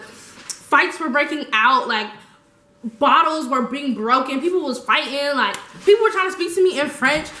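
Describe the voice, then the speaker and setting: Young woman, higher pitch, slangy storytelling, echoey room. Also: moderate pace. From United States. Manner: animated, laughing, slangy. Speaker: vlogger. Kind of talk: casual storytime.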